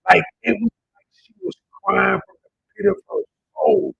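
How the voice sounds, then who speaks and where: A man's voice: very high-pitched, big pitch swings, moderate pace, creaky, phone-quality sound, a little hiss or hum. A relationship coach, a man, telling a personal story on a live stream and talking straight to his viewers in an emotional way, into a handheld mic. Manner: emotional, addresses viewers directly as y'all. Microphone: handheld microphone.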